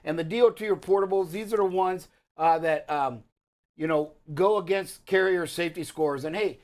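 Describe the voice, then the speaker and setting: A man's voice: high voice, moderate pace. A man hosting a live talk show segment on trucking safety, talking loosely with lots of uh and um. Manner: loose, rambling, many fillers.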